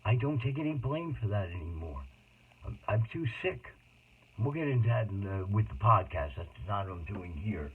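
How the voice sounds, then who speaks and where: A man's voice: fairly low pitch, expressive, normal speed, slight background noise. Rambling middle-aged man, tinny sound. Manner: rambling, jumps between tangents. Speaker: autobiographical monologue speaker. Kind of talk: rambling personal monologue. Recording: tinny phone-like audio.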